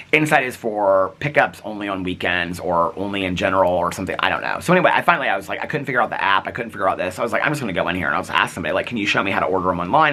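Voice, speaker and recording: A man tells a long, rambling story straight to the camera, full of asides and acted-out bits of dialogue. His pitch leaps and dips all over the place, and his voice is bright. He has the easy, casual manner of a daily vlogger. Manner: chatty, animated, rambling with asides.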